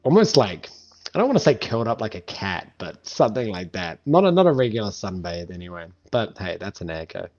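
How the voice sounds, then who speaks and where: A man's voice: fairly low pitch, brisk, soft background music. Swearing man running a tabletop game. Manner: swears freely, animated. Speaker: game master. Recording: dull lo-fi sound.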